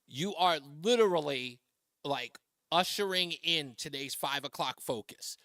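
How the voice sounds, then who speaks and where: A man's voice: on the high side, expressive, measured pace, bright, forceful tone, no echo. A man hosting a talk radio show, joking and emphatic as he takes calls on a studio microphone. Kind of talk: talk radio monologue and call-in.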